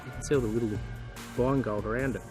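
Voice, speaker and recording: A relaxed Australian man talks casually to the camera outdoors, his voice sitting at an ordinary middle pitch. He sounds hot and worn out but stays chatty and keen, with faint music playing underneath. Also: quick pace. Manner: relaxed, enthusiastic, chatty, tells jokes. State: hot and tired. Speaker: gold prospecting vlogger. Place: outdoors in the bush goldfields.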